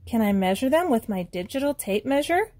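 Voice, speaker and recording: A woman's voice: a little high, very animated, fairly quick, darkish tone. A woman voicing a worried, gadget-loving young boy llama in a storybook read-aloud, with an eager, questioning manner.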